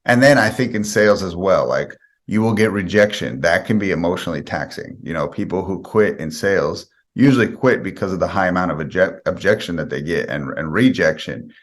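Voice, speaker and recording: Guest spot: a deep-voiced man, earnest and conversational, who lays out his ideas one example at a time. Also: lively intonation, brisk. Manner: explains with step-by-step examples. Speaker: guest sales expert. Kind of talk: podcast interview answers.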